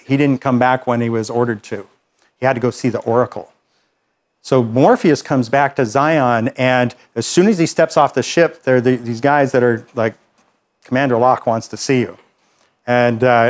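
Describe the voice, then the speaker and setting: Man teaching a workshop, medium pitch. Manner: conversational, checks in with listeners with "okay?". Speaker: workshop trainer. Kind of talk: classroom teaching with anecdotes.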